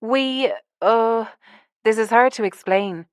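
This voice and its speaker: A woman's voice: fairly high pitch, slow, smooth, dry recording, clean studio sound, voice pushed up. A woman narrator voicing an earnest, slightly nervous woman in an audiobook.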